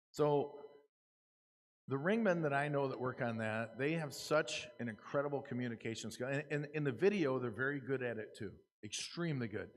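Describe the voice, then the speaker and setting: A man with an American accent giving a casual, earnest seminar talk to fellow auctioneers, restarting his sentences often. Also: mid-range voice. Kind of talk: conversational lecture to a live audience. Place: conference room. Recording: long reverb of a hall.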